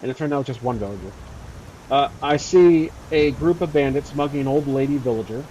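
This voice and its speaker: A man's voice: medium pitch, brisk, mellow, slight background noise, rough recording. A man narrating his solo tabletop role-playing game in a casual, rambling way with many fillers.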